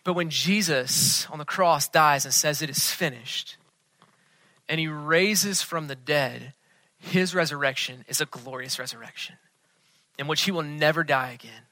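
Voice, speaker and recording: A man preaching a sermon as pastor, earnest, often dropping to a hushed tone for emphasis. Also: on the high side, measured pace, no room sound.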